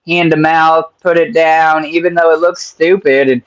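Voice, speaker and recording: A man with a somewhat high voice talks in a loose, rambling way, swearing and tossing in "bro". He is hosting a casual interview chat. The sound is muffled and lo-fi. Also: little pitch movement, moderate pace. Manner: rambling, profane, keeps saying "bro". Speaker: podcast host.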